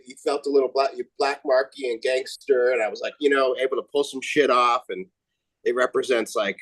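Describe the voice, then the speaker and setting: A man's voice: medium pitch, no room sound, poor audio. A man guest chatting casually, telling a rambling story about his past. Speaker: guest grower. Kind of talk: casual chat.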